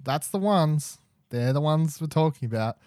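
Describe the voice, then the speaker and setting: A man's voice: a little high, lively intonation, moderate pace, dark tone, no room sound, studio quality. A man hosting a podcast in casual, chatty talk, often laughing. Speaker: podcast host.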